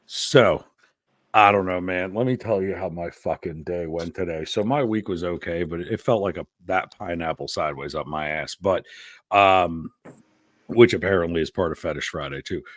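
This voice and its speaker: A man's voice: deep voice, normal speed, dry recording, studio quality. A man hosting a casual live-stream chat, telling stories full of swearing and crude jokes. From Pennsylvania. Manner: crude, profane joking banter. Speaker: podcast host.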